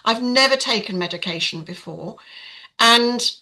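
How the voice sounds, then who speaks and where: Chatty older woman, bright voice. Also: a little high, animated, a little slow, poor audio. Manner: frank, chatty, many fillers. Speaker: podcast guest. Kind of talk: casual storytelling.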